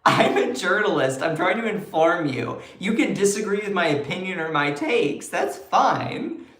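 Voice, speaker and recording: A man's voice: high voice, expressive, normal speed, fairly bright tone, reverberant. A man doing casual political commentary on a livestream, chatty and sarcastic as he answers comments from his chat.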